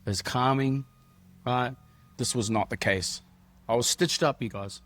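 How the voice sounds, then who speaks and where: A man co-hosting a casual podcast, his voice sitting at an ordinary middle pitch. He tells stories in a joking, self-deprecating way. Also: measured pace, a bit bright. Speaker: podcast co-host. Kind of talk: casual chat.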